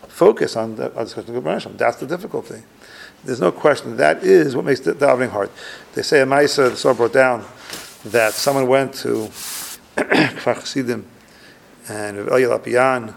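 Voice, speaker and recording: A man's voice: medium pitch, gravelly. A man teaching a religious class, reading Hebrew texts aloud and translating each line, thinking aloud with restarts. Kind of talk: religious lecture with text reading.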